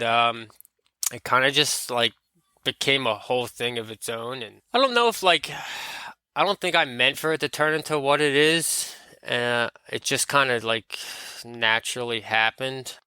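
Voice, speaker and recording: A man's voice: medium pitch, measured pace, sharp tone, smooth, dry recording. A man being interviewed on a podcast, talking in a laid-back, rambling way with lots of fillers. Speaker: podcast guest. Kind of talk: casual interview chat.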